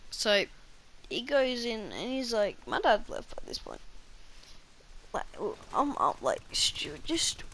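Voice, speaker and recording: A woman's voice: fairly high pitch, big pitch swings, slow pace, fairly bright tone. A woman vlogger telling a personal story in a casual, rambling way, full of restarts and fillers.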